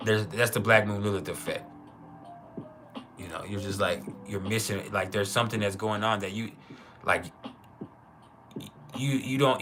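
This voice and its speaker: A man from Texas with a Texan accent, hosting an astrology livestream in loose, rambling casual talk that turns loud and heated. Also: medium pitch, a little hiss or hum.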